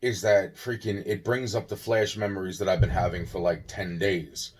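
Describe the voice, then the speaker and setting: Young guy rambling on tired, husky voice, lots of swearing, kinda low. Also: little pitch movement, normal speed. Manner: rambling, swears often, restarts. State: yawning, tired. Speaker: vlogger. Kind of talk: rambling casual monologue.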